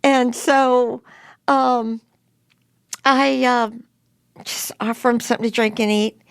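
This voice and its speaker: An older woman recounting a frightening day from her past in a conversational, animated way, her voice climbing high when she relives yelling at intruders. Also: slow pace, gravelly, clear, resonant tone, no room sound, studio quality. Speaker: interviewee telling her story. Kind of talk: conversational storytelling.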